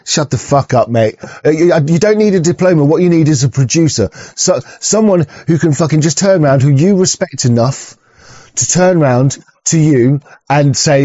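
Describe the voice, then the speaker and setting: A man's voice: on the high side, animated, moderate pace, mellow, no room sound. A man hosting an online show, talking in a crude, rambling way, swearing often and stumbling over restarts. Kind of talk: rambling casual monologue. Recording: dull lo-fi recording.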